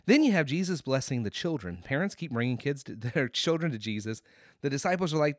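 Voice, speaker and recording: A man's voice: medium pitch, a little fast, no room sound, studio quality. A man hosting a podcast, teaching a Bible passage and acting out the quoted lines as he goes. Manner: animated, acts out quoted lines, checks in with "okay?".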